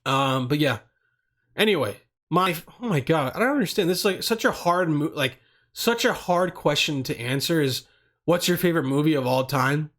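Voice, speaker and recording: Young guy rambling on his podcast, swears a lot, kinda high voice. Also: expressive, moderate pace, a bit bright. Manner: rambling, profane, laid-back slang. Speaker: podcast host. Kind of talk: casual solo podcast talk.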